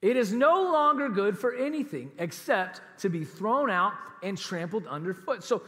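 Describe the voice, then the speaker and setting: A man's voice: sits high, lively intonation, moderate pace, hardly any pauses, bright, forceful tone, in a large hall. A man preaching a sermon as pastor, emphatic and conversational, with laughs and casual asides. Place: church auditorium.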